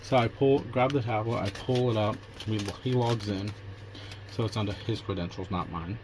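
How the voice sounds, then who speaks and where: Background noise accompanies a fairly low-pitched male voice that keeps a steady tone at normal speed. The speaker is a man from Pennsylvania, USA, narrating his day in a relaxed vlog through quoted back-and-forth dialogue.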